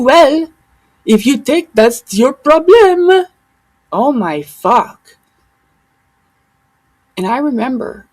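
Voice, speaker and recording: Gravelly woman ranting to camera. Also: medium pitch, a little mellow, rough recording. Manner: profane, heated and rambling. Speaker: vlogger. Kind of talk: casual ranting monologue.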